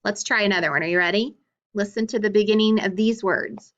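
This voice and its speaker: A woman teaching a phonics lesson to children, encouraging them to repeat after her and spelling out letters clearly. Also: medium pitch, a bit bright, muffled recording. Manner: slow, clearly spelled-out drilling of letters and sounds.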